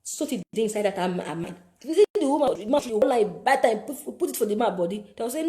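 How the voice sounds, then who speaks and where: A woman's voice: on the high side, animated, fast talker, few pauses, warm tone. A woman with a Nigerian accent giving preachy life advice, repeating phrases for emphasis. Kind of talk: motivational talk to camera.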